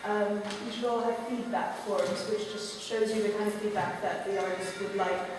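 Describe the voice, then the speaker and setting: A woman's voice: medium pitch, steady tone, moderate pace, background noise. Woman hosting with many ums. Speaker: event host. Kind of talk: informal welcome announcement. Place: dance studio. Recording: echoey hall, mic far off.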